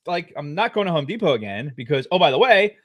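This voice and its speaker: A middle-aged man co-hosting a podcast, telling a long story in a casual, profane way with loud outbursts. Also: fairly high pitch, very animated, fast. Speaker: podcast co-host.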